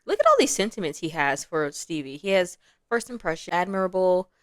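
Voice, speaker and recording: Animated, laughing woman commentating a game. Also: lowish voice, brisk, dry recording. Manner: chatty, laughs often, acts out quotes. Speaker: gameplay commentator.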